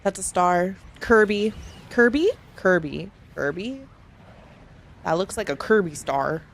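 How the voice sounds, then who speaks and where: A woman streaming a live reaction, excitable and quick to exclaim and laugh. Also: fairly low pitch, vocal fry.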